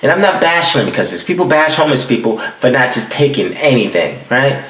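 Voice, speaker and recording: A man's voice: mid-range voice, brisk, echoey room. A young adult man hosting his podcast, ranting casually and profanely from home. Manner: profane, animated storytelling with acted-out quotes. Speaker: podcast host. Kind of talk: casual solo rant. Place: home room with the heat off.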